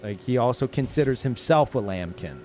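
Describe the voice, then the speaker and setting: A man streaming a video game, chatting casually, rambling and searching for words with swearing and quick laughs. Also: mid-range voice, animated, a little mellow, soft background music. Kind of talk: casual chat while gaming.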